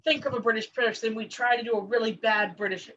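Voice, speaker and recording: A woman's voice: on the high side, steady tone, quick pace, fairly bright tone, highs cut off, a little hiss or hum. A woman from the United States chatting on a video call as a party guest, giggling and stumbling over her words. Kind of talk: casual chat.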